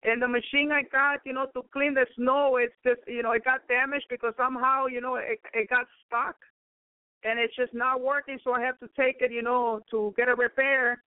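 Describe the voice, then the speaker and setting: A woman's voice: high voice, little pitch movement, moderate pace, dry recording. A woman preacher giving a fervent spoken testimony, repeatedly breaking into praise. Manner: fervent, peppered with praise exclamations. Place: home in Chicago. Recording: dry, phone-like narrow sound.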